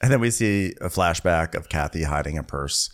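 A man's voice: low-pitched, lively intonation, normal speed. Wry man in casual chat. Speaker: podcast co-host.

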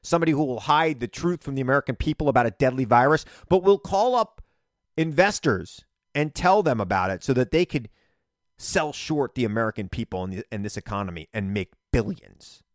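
A middle-aged man giving an animated, emphatic political monologue as a radio and TV commentator. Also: mid-range voice, a little fast, dry recording, clean studio sound.

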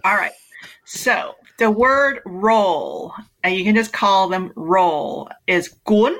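Woman, podcast guest, bright voice, patient explainer, casual chat. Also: medium pitch, expressive, low-quality recording. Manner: patient, teaching pronunciation slowly.

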